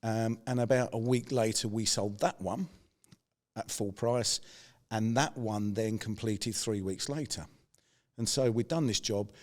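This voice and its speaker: A man middle-aged podcast host, fairly low voice, brisk storyteller who plays out the people in his anecdotes. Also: darkish tone. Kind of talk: conversational anecdote.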